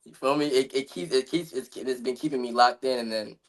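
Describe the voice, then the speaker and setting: A man's voice: mid-range voice, brisk, over a noisy crowd, low-quality recording. A man in casual podcast chat, speaking earnestly about motivation and staying true to himself, often saying "bro" and "you feel me". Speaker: podcast guest.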